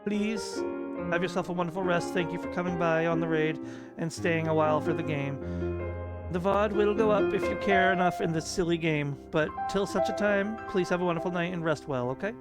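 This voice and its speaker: A man streaming a story game, chatty and self-deprecating, with a slightly high voice. Loud game music plays behind him throughout. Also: brisk. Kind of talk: casual live-stream chat.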